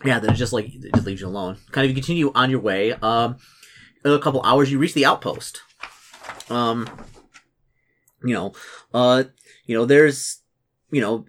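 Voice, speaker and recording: A young man runs a tabletop game, his talk full of ums, likes and restarts as he feels his way through the scene. His pitch sits in an ordinary middle range, and he narrates in a loose, casual way. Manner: rambling, lots of fillers and restarts. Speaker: game master.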